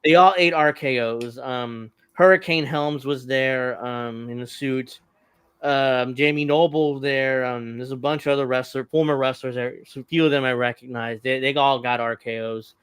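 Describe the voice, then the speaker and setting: Smooth-voiced man recapping wrestling. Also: medium pitch, fairly even intonation, normal speed, a bit bright, no room sound. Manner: rambling recap with chuckles. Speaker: podcast host. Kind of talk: casual wrestling review chat.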